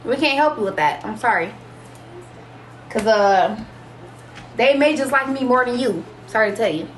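Brash high-voiced woman hosting a livestream. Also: expressive, moderate pace, a little hiss or hum. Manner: brash, boastful and profane, addressing viewers. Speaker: livestream host. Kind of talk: casual livestream chat.

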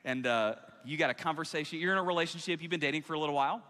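Male pastor, bright and forceful, chatty sermon delivery, big echoing church hall. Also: a little high, rapid-fire. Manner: conversational, acts out everyday dialogue. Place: church auditorium. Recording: long reverb of a large hall.

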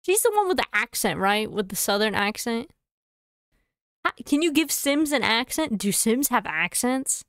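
Woman streamer, chatty and thinking aloud, a bit high-pitched, dry mic. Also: sing-song, fairly bright tone, no room sound. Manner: chatty, thinks aloud, quick asides and laughs. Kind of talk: casual live-stream chatter while playing a game.

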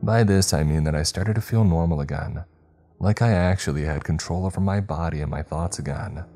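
A man narrating a horror story in a measured, tense storytelling manner. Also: low-pitched, mellow, soft background music.

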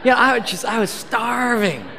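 A man with a high voice preaches a storytelling sermon and acts out each exchange with animated, self-mocking humor. The sound carries a long reverb from a large hall. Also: normal speed, background noise. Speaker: pastor.

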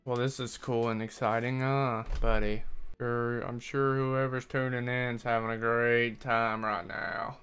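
A man's voice: medium pitch, little pitch movement, unhurried, fairly bright tone, clear, resonant tone. A man streaming live gameplay, venting frustration with sarcastic jokes and swearing while he plays. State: sweaty and worked up. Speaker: gaming streamer.

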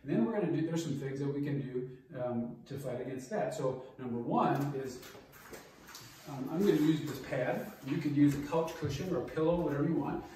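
A man's voice: a little high, a little fast, warm tone. A middle-aged man teaching a hands-on safety class as a martial arts instructor, coaching and checking in with "okay?" as he demonstrates. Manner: coaching, repeats key steps, brief checks like 'okay?' and 'all right?'. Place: large martial arts training room. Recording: very echoey room, distant mic, faint noise.

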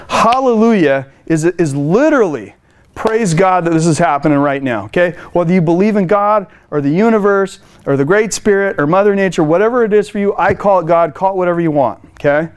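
Before a live room, a man delivers an energetic, playful motivational talk on customer service training, acting out phone calls. His voice is a little high.

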